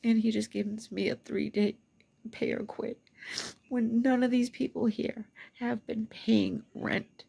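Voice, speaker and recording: A woman's voice: fairly high pitch, fairly even intonation, slow, vocal fry, warm tone, breathy edge. A woman venting to the camera, upset and close to tears, swearing as she swings between whispers and angry outbursts. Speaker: vlogger venting. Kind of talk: emotional rant to camera.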